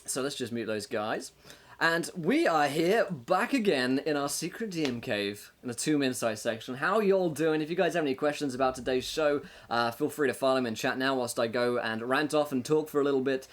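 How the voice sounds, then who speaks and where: A man's voice: medium pitch, expressive, brisk. Male game master hosting a live stream, mid-range voice, chatty and upbeat, laughs between points and leans on fillers. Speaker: game master and show host. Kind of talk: casual livestream monologue with tips for game masters.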